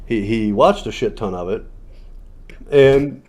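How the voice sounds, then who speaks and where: A man's voice: slow, darkish tone, slight background noise. A man streaming a video game, muttering casual commentary with frequent swearing. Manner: muttering, swearing, low-key.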